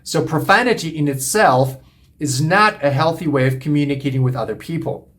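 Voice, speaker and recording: Earnest man lecturing, slightly high voice. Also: brisk, fairly bright tone. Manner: earnest, repetitive, emphatic teaching. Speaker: relationship coach. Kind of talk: monologue lecture to camera.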